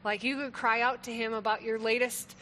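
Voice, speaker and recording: A woman's voice: a little high, fairly even intonation, fairly quick, fairly bright tone, a little hiss or hum, poor audio. A woman co-hosting a faith talk, affirming and conversational as she builds on her partner's points.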